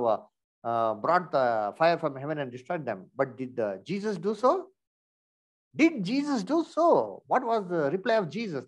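Male Bible teacher, lively rise and fall, rhetorical questioning. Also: on the high side. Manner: rhetorical questions with many "you see" fillers. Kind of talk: interactive Bible lesson.

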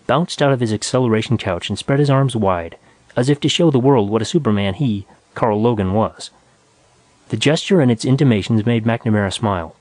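Male audiobook narrator, mid pitch, measured, dry close sound. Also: a little mellow, dry recording.

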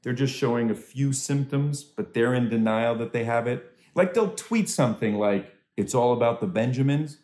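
A man doing a stand-up comedy set from home over a video call, animated and swooping into high voices for quoted people. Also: normal speed, hardly any pauses, roomy sound. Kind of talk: stand-up comedy set for a virtual charity dinner.

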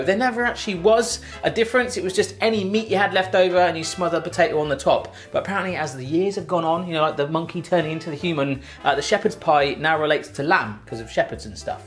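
A man's voice: high voice, a bit bright. A British man hosting a home cooking tutorial in his kitchen, chatty and playful with jokey asides. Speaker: cooking show host.

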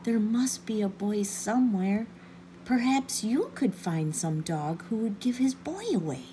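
A woman voicing a calm, gentle mother dog in a storybook, speaking slowly and soothingly. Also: mid-range voice, slight background noise, lightly acted. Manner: soothing, slow, reassuring.

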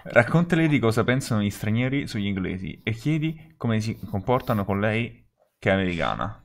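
A man's voice: on the low side, sing-song, fast. A man commenting casually on a live stream, bored and mocking.

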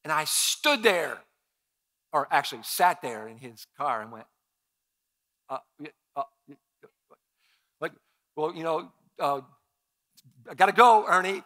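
A male pastor preaching a sermon, telling personal stories and acting out his own past lines with animated shifts. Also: on the high side, takes it slowly, pauses often. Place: church sanctuary.

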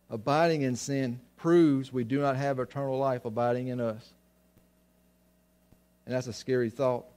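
A man's voice: medium pitch, darkish tone. A man preaching a sermon to his congregation, often restarting phrases and asking them questions. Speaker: pastor.

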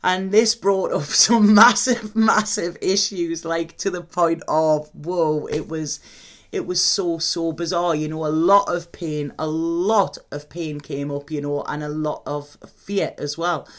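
A woman, a tarot reader, talking candidly and emotionally in a confessional vlog monologue, swearing casually as she speaks. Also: sits low.

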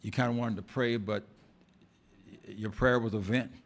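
A male pastor preaching an impassioned sermon in a church, swinging between loud outbursts and hushed asides and often repeating words. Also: on the low side, fairly even intonation, normal speed, creaky.

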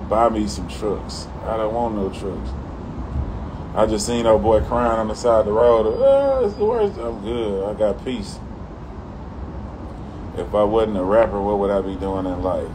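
A man's voice: on the low side, level tone, measured pace, pauses often. A man with a Houston Texan accent, a rapper talking slangy and profane in a laid-back livestream chat from his patio. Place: outdoors on a home patio. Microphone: phone livestream. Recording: outdoor phone audio with traffic and air-conditioner noise.

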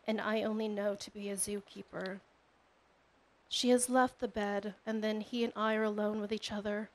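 A woman poet giving a measured, expressive reading of her own prose poetry. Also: mid-range voice, rough recording. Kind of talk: literary reading.

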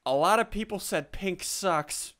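High-voiced young man, stammering and joking. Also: measured pace, fairly bright tone. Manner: stammering, joking, laughs often. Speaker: host. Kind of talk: casual gaming commentary.

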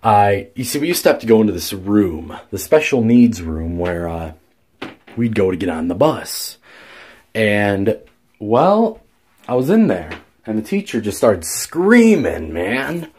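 A man's voice: fairly low pitch, very animated, a little slow, darkish tone, husky. Young man rambling through a story. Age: young adult. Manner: rambling, many fillers and restarts, swears freely. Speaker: vlogger. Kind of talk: casual storytelling vlog.

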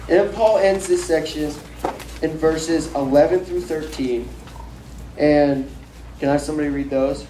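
A young man leads a casual bible study in a mellow, dark voice, speaking loosely with fillers and acting out quotes. He sounds a bit away from the mic in an echoey room with faint ambience around him. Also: a little high, measured pace, recorded from a distance, slight background noise. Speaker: youth bible teacher.

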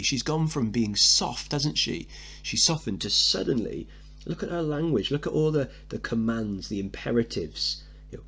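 A man's voice: mid-range voice, lively intonation, normal speed, fairly bright tone, slightly rough. A male teacher reading stage directions and explaining a play to students, posing guiding questions.

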